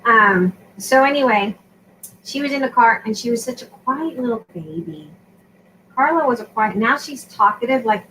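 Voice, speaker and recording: Woman co-host, casual and self-mocking, fairly high voice, faint background hum. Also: lively intonation, moderate pace, sharp tone, low-quality recording. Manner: chatty, self-mocking, laughs at herself. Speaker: co-host of a crafting live show. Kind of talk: casual chat.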